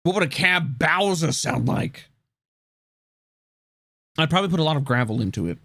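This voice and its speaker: A man streaming live, reacting loudly with lots of swearing and laughter. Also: fairly high pitch, lively intonation, normal speed, vocal fry, no echo, studio quality. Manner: loud, profane, laughing often.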